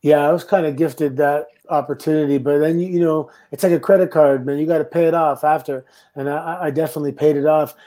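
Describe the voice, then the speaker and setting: Middle-aged Canadian man, warm mellow guest voice, easygoing laughing storyteller. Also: fairly high pitch, quick pace, hardly any pauses. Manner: relaxed, laughing anecdotes. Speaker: guest, former pro wrestler. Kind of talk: casual storytelling.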